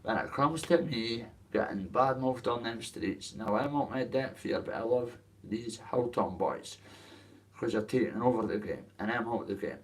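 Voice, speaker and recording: Recorded from a distance, a Dundee, Scotland boxer speaks at a moderate pace in a mid-range voice with his local accent. It's a casual rant to camera about his boxing, loose and crude, with lots of swearing.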